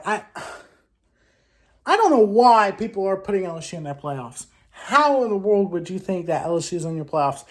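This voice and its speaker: A woman hosting a casual sports vlog, speaking at a middle pitch. She trash-talks teams in an animated way, with loud exclamations and rhetorical questions. She often stops and restarts her sentences. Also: normal speed. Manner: frequent restarts and self-corrections. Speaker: sports show host.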